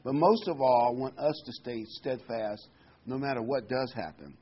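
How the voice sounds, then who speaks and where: A man's voice: medium pitch, normal speed, husky. An older man giving a conversational sermon as a pastor, often restarting his words and hesitating. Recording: dull lo-fi recording with faint noise.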